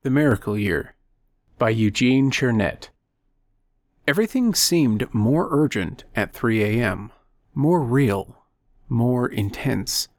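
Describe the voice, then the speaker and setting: A man narrating a short story in a measured, steady storytelling manner at a close microphone. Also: medium pitch, no echo. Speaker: audiobook narrator. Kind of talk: scripted narration.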